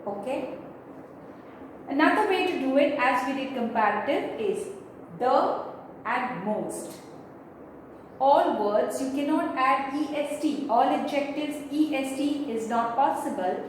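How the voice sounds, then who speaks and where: In a slow classroom grammar lesson, an English teacher with a high, expressive voice explains things step by step at a measured pace and spells out letters. The room is echoey, the mic sits far off, and there's faint noise.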